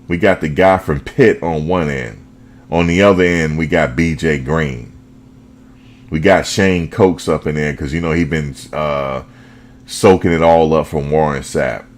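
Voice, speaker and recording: A man hosting a fan show, talking football in a casual, animated way, full of slang and repetition. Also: very deep voice, a little slow. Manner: animated, repeats himself, slangy.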